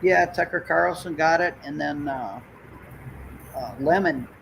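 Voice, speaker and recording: A man's voice: fairly high pitch, measured pace, creaky, a bit bright, poor audio. A man chatting casually, restarting his sentences often. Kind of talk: casual chat. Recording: faint background noise.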